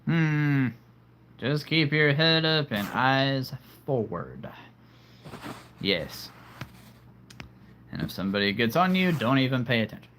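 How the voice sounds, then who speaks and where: A man's voice: mid-range voice, very animated, slow pace, long pauses, background noise. A man hosting a casual livestream, chatting playfully with viewers and laughing at his own jokes. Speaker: livestream host.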